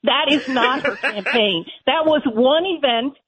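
A woman's voice: high-pitched, unhurried, crowd noise. A woman calling in as a policy advisor guest, firm and indignant as she defends her view. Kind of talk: political talk radio guest. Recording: tinny phone line.

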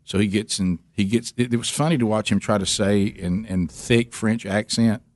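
Male radio host, animated storyteller. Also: fairly low pitch, moderate pace, no echo. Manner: animated storyteller, jokey asides; clowns through a mangled French accent. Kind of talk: casual morning-show banter.

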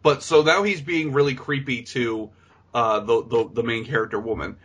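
A man's voice: mid-range voice, moderate pace, a bit bright, husky. A man co-hosting a podcast who animatedly recaps a film, laughing often and acting out the characters. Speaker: podcast co-host. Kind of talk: casual movie recap chat.

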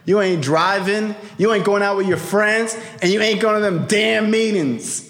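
A man's voice: high voice, normal speed, fairly bright tone. A man voicing his stern, blunt father in a story told to a crowd. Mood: commanding. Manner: blunt, clipped, commanding. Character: stern middle-aged father, blunt and commanding. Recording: echoey hall.

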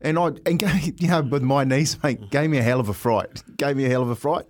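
A man's voice: mid-range voice, brisk. A man with a New Zealand accent, co-hosting a breakfast radio show and telling stories in a casual chat. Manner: animated, laughs through stories. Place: radio studio.

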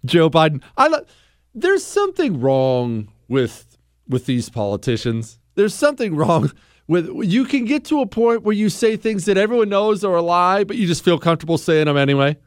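A male talk radio host with a high, lively voice that swings up and down as he makes his case. He sounds blunt and emphatic, hammering points home by repeating them. The studio sound is close and dry, with no room around him. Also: normal speed, dry recording. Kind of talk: opinionated talk radio monologue.

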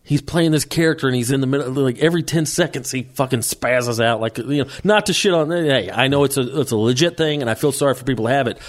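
Relaxed male podcast co-host. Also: medium pitch. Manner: conversational, gives quick news updates, many affirming murmurs. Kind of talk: casual chat.

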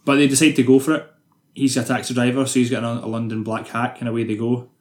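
A young man, a podcast co-host, retelling film scenes in quick, sweary casual chat. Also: mid-range voice, little pitch movement, a little mellow, reverberant.

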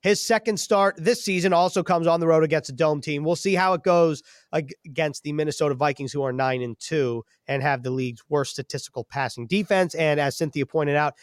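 A man hosting a sports podcast in a casual chat, upbeat with quick asides while reading out quiz questions. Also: fairly high pitch, no echo, studio quality. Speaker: podcast host.

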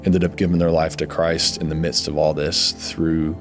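A man telling his personal faith testimony in an earnest, emotional, halting way, often pausing on "like". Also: very deep voice, little pitch movement, over music. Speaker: guest sharing his testimony.

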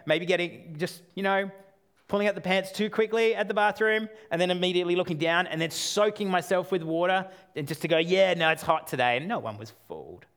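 Animated Australian pastor preaching. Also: male voice. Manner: self-deprecating humor with sharp swings in loudness and pitch. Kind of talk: sermon.

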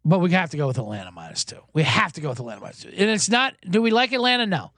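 A man hosting a sports betting podcast, telling a casino story and giving picks in a profane, animated way with shouted crowd chants. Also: fairly high pitch, rapid-fire, no room sound.

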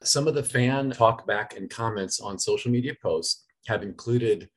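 A man's voice: medium pitch, normal speed. A middle-aged man, an actor answering interview questions in an enthusiastic, laughing way. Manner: enthusiastic, laughing fan talk.

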